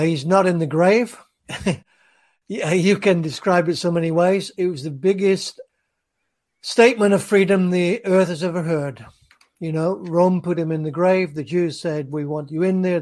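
A man's voice: a little high, darkish tone. A man guesting on a podcast, speaking earnestly and reflectively about faith. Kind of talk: casual chat, reflective faith talk.

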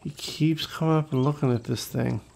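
A man hosting a gaming channel, giving casual, excitable gameplay commentary, talking to viewers and swearing when things go wrong. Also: mid-range voice, moderate pace, creaky, a little hiss or hum, poor audio.

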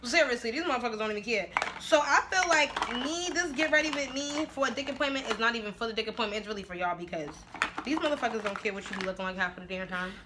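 A woman's voice: a little high, quick pace, background noise. A woman vlogging casually at home while doing her makeup, brash and profane, often breaking into laughs. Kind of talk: casual get-ready-with-me chat. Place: at home, making dinner while filming.

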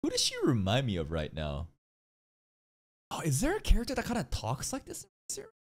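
A man's voice: mid-range voice, wildly swooping pitch, a little fast. A man giving casual, profane, joking commentary as he reacts to an anime episode.

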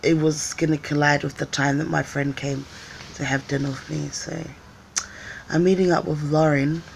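A woman vlogger talking casually to her live viewers in a low, gravelly voice. She tells stories with lots of acted-out voices, and a faint noise sits behind her. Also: steady tone, normal speed. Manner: chatty storyteller, acts out voices, laughs often. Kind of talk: casual live-stream chat.

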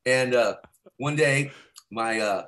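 A man's voice: medium pitch, slow pace. A middle-aged stand-up comedian from Arizona talks through his old road stories in loose, rambling fashion. He has a mid-range male voice and trails off and restarts as he remembers. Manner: rambling, slips into loud character voices for quotes. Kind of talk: casual storytelling interview.

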